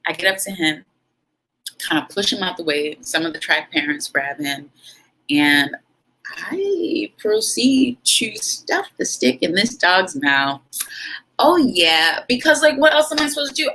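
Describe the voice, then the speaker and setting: A woman's voice: medium pitch, sing-song, unhurried, pushed and bright, poor audio. A woman hosting her own vlog, telling a story in an emphatic, dramatic way and acting out what people said. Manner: dramatic, emphatic, acts out quotes. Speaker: vlog host.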